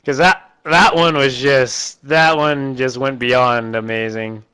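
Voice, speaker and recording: A man casually recapping a terrible movie for laughs, animated and laughing often as he acts out lines. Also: mid-range voice, slow pace, smooth, rough recording. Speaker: movie reviewer.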